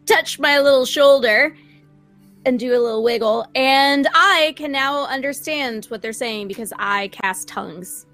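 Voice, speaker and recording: A woman playing a tabletop game, speaking in a measured, deliberate way. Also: high-pitched, a bit bright, soft background music. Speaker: player.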